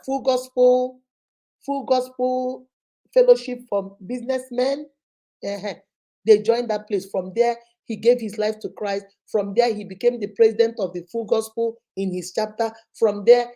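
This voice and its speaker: A woman's voice: fairly high pitch, warm tone. A woman with a Nigerian accent, giving counsel through vivid storytelling that slips into Pidgin phrases. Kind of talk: storytelling talk.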